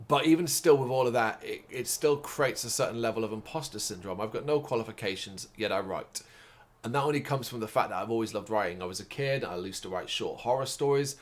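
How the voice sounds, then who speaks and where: A man from England talks off the cuff in a tired, rambling way, drifting from one tangent to the next. He swears casually, keeps losing his words and stops to pick them up again. His voice sits at an ordinary middle pitch. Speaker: host of a music and games review site. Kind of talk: unscripted casual monologue.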